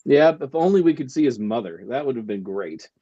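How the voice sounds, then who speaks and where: A man's voice: mid-range voice, expressive, fairly quick, mellow. A man co-hosting a casual podcast, making wry, dry-humored remarks about a comedy movie. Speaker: podcast co-host. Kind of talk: casual chat. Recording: dull lo-fi dry sound.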